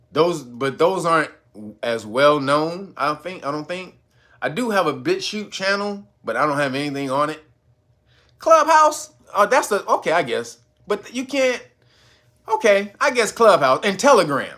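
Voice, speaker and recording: Laughing, profane male commentator. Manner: laughs often, profane, animated; mocks a stiff, slow talker in a low voice. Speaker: channel host. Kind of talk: casual commentary video.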